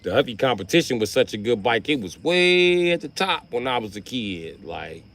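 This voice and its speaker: A man's voice: medium pitch, normal speed. A man telling a profane comic story on a livestream, acting out the people in it. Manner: animated, acts out voices. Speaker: livestream host.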